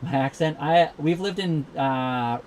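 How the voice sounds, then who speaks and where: This livestream host, a young man from Saskatchewan, has a Canadian accent and a fairly high, slightly mellow voice at a measured pace. He runs a relaxed live Q&A from the cabin of a sailboat tied up at a marina, rambling with many fillers. A little hiss or hum sits under the audio.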